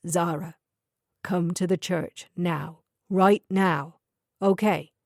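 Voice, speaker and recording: A woman voicing a gentle Irish man. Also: lowish voice, slow pace, no echo, clean studio sound. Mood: urgent. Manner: gentle, steady, urging. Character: gentle Irish man, calm sponsor figure.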